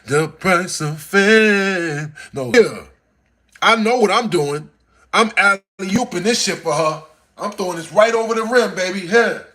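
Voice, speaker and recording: Texas guy on a phone livestream telling studio stories, mumbly then suddenly loud and hyped. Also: slightly rough. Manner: animated, swings between mumbling low and loud excited bursts. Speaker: livestream host. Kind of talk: casual storytelling livestream.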